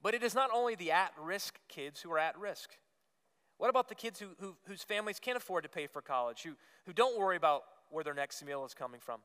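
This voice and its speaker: With a high, brisk, animated voice that's fairly bright, clear and resonant, this man preaches as pastor with earnest emphasis. He repeats phrases and climbs on key words, his sermon echoing through the long reverb of a church sanctuary.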